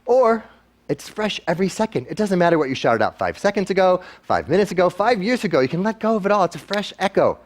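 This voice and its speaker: A man giving a lively motivational talk to a live audience, acting out quoted voices with playful humor. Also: sits high, quick pace, hardly any pauses. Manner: animated, acts out quoted voices. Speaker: guest speaker.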